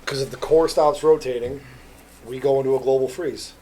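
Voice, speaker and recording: A man's voice: mid-range voice, steady tone, moderate pace, warm tone, a little hiss or hum. A man in casual chat who mostly answers with short, agreeing replies and adds the occasional remark.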